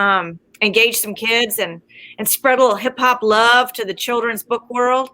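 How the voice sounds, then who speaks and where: A woman hosts a livestream over a video call, her voice bright and a little high. She talks in a warm, gushing way and keeps praising everything. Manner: gushing, effusive. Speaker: book festival host. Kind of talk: casual livestream hosting.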